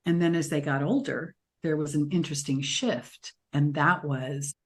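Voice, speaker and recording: Low-voiced woman telling lively stories. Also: normal speed. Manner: animated storyteller acting out children's voices. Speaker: podcast co-host. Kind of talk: casual chat.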